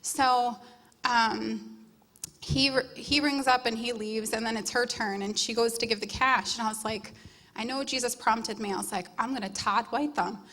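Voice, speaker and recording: A woman sharing a casual testimony, telling her story in a quick, animated way. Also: a little high. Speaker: conference attendee sharing a testimony. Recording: long hall reverb.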